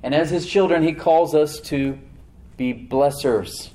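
A male pastor preaching a sermon in church, animated, slowing down to stress words and acting out the voices he quotes. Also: a little high. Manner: animated preaching, slows for emphasis, acts out quoted voices and laughs.

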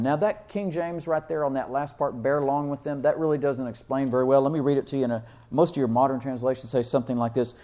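A man preaching a sermon, reading scripture slowly and asking his listeners questions, with loud emphatic peaks and frequent laughs. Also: mid-range voice, steady tone. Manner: reads King James verses slowly and deliberately; asks the congregation questions and laughs often.

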